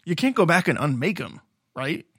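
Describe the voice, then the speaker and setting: A man with a slightly high voice co-hosts a film podcast on a dry, close mic. He keeps the talk moving and jokes with the others. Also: big pitch swings, moderate pace, a bit bright, husky, no echo. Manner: steers the talk, jokey. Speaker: podcast co-host. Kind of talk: casual film discussion.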